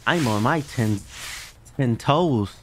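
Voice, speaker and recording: A man's voice: mid-range voice, lively intonation, takes it slowly, a little hiss or hum. A man hosting his own channel, giving jumpy, chatty commentary on a horror game he plays and talking straight to his viewers. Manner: jumpy, talks to viewers, yelps when startled. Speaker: gaming channel host.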